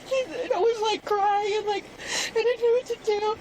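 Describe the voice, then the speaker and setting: A young woman crying while giving police a rushed, halting account, recorded outdoors on a body camera. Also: very high voice, fairly even intonation, a little mellow. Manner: breathless, halting, rushed retelling. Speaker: crime victim giving a statement. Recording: noisy police bodycam audio.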